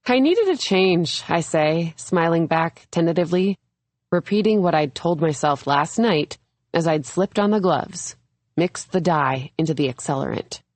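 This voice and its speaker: A young adult woman reading a first-person thriller audiobook in a measured, even storytelling manner. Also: deep voice, no room sound. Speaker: audiobook narrator. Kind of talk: scripted first-person narration.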